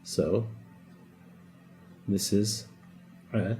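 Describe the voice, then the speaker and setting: A man's voice: fairly low pitch, drawn-out words, dark tone, soft background music. A man teaching a language lesson, explaining patiently, demonstrating sounds and joking lightly. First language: Arabic. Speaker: Arabic teacher. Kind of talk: casual whiteboard lesson.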